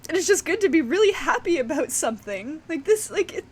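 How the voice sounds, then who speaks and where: A woman's voice: high voice, sing-song, fairly quick. A young woman talking casually to her viewers, teary and laughing, rambling with many restarts. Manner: teary, fighting back tears, laughing often. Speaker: streamer. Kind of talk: casual emotional chat to viewers.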